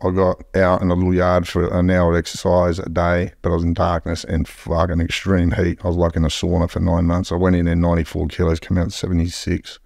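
A man's voice: sits low, completely flat delivery, fairly quick, creaky, few pauses, darkish tone, dry recording, studio quality. An Australian man telling stories as a podcast guest in a blunt, heavily profane way. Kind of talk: casual storytelling.

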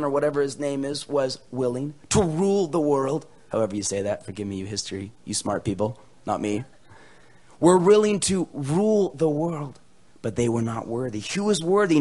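A young American man preaching a sermon, joking with the crowd, swinging between loud proclamations and hushed near-whispers. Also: medium pitch, expressive, normal speed. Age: young adult. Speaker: pastor. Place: church hall with a live audience.

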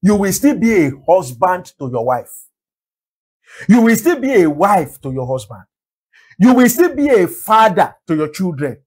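A man's voice: high voice, big pitch swings, normal speed, darkish tone, breathy edge, low-quality recording. A man with a Nigerian English accent preaching a sermon as pastor, repeating phrases and firing rhetorical questions. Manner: emphatic rhetorical questions, repetition.

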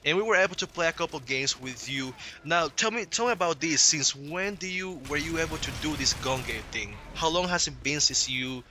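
A man's voice: a little high, fairly quick, few pauses, pushed and bright, a little hiss or hum. A young man with an accent hosting a gaming video, hyped and slangy, swearing freely as he chats with a guest. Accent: non-native English accent. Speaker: gaming channel host. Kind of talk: casual gameplay commentary.

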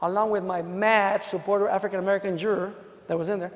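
A high-voiced man telling courtroom stories to a conference crowd, animated and casual with frequent asides. He speaks in a hotel ballroom, and the sound carries a long echo. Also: fast talker. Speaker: defense lawyer presenting at a legal conference. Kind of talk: storytelling conference talk. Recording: long echo of a large hall.

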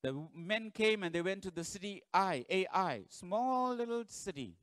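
A man preaching a sermon as pastor, telling the story dramatically and swinging between loud bursts and low, hushed lines. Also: animated, moderate pace, clear, resonant tone, no room sound.

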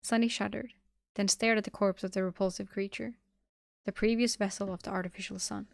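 A woman streamer reading a novel aloud on a live stream, steady with small restarts. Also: mid-range voice, brisk, gravelly, no room sound, clean studio sound.

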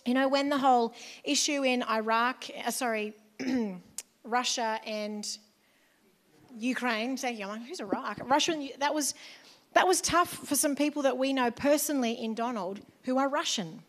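A woman's voice: high-pitched, normal speed. A woman pastor with an Australian accent giving a chatty, conversational sermon in church, with asides to the congregation.

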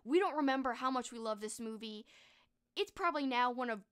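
A woman's voice: fairly high pitch, lively intonation, brisk, clear, resonant tone. A young woman with a slightly raised voice talks casually into a desk mic during a live stream. She is chatty and enthusiastic, gushes over what she loves and often restarts her sentences. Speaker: streamer and horror book host.

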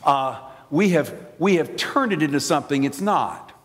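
A preacher with a Southern American accent tells his story with lively, theatrical energy. His voice sits somewhat high and leaps up and down as he acts out the scene. The sound carries a long reverb from a large church sanctuary. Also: moderate pace. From Alabama. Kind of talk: sermon.

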